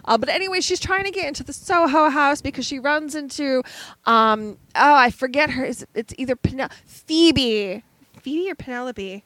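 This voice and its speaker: A woman co-hosting a podcast, chattily recapping a story with quick asides. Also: high voice, lively intonation, fairly bright tone, low-quality recording. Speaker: podcast co-host. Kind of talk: casual chat.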